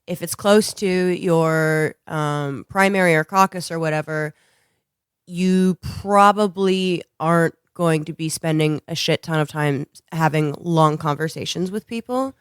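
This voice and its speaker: A woman's voice: low-pitched, measured pace, clean tone, dry recording, studio quality. Blunt, crude woman co-host. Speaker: podcast co-host. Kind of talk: casual chat, giving advice.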